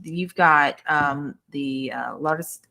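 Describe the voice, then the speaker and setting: A woman guest on a podcast, talking casually in a halting way and stumbling over French names. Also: low-pitched, vocal fry, pushed and bright. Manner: halting, full of fillers, fumbles French names. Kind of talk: casual chat.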